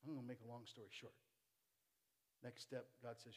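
A man pastor preaching a sermon, animated and playful, swinging between loud bursts and hushed asides. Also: medium pitch, fairly quick. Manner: playful, jokes with the congregation.

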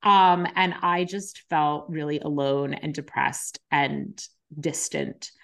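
A woman's voice: deep voice, slow pace, gravelly. A woman, a nurse and podcast co-host, telling her own story in an open, reflective way. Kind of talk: candid conversation.

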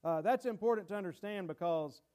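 A man's voice: high-pitched, fairly quick, darkish tone. A man preaching a teaching sermon in a conversational way, with many fillers and restarts and emphatic key points. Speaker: pastor.

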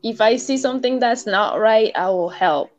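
A woman's voice: fairly high pitch, moderate pace, faint music behind. A young woman, a student, answering interview questions in a plain, direct and firm way. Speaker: guest, a student. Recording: dull lo-fi sound.

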